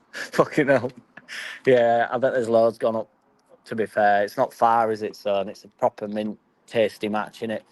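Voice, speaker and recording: Yorkshire football-fan streamer, young man, lowish voice, dry close sound, sweary and chatty with his viewers. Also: little pitch movement, normal speed, a little mellow, no echo, rough recording. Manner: chatty, sweary, banters with live chat. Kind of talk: casual live-stream chat.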